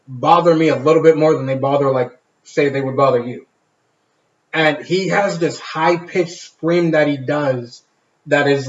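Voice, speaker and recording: Guy on a podcast telling stories about his kid, cussing a lot, roomy echo, kinda muffled audio. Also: on the high side. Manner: candid storytelling, lots of swearing and restarts. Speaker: podcast co-host. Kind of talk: casual podcast chat. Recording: echoey room, dull lo-fi sound.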